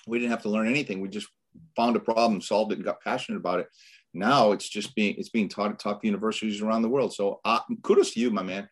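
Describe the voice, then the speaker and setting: Man, boston accent, very low voice, middle-aged, earnest motivational podcast guest. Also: fairly even intonation, fast talker. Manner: earnest, motivational, repeats words when starting a thought. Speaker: business coach guest. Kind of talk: podcast interview.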